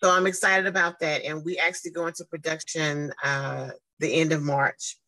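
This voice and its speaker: A woman, telling her story casually in conversation, lively and acting out what people said. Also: moderate pace, poor audio. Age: 50s. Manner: animated, acts out quoted exchanges with big swings in pitch. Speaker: guest speaker and advocate.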